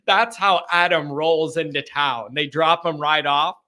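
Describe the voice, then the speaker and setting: A man hosting a call-in show from his basement, chatting casually with animated, joking banter. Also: on the high side, a little slow. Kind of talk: casual chat.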